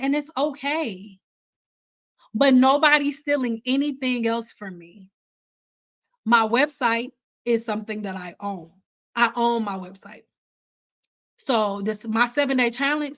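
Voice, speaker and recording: A woman's voice: a little high, fairly bright tone. A woman hair stylist hosting a livestream, telling candid stories in a casual, emphatic way. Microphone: computer mic on a livestream.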